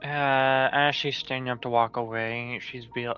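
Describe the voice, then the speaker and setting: A man playing a tabletop game, talking in a halting, casual way. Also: mid-range voice, steady tone, dull audio, faint music behind. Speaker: player.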